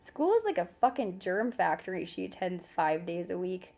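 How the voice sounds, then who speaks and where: A woman's voice: lowish voice, big pitch swings, moderate pace, creaky, darkish tone. Chatty Canadian woman live-streaming by phone. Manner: chatty and self-deprecating, laughs often, swears casually. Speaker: livestream host. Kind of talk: casual live-stream chat with viewers.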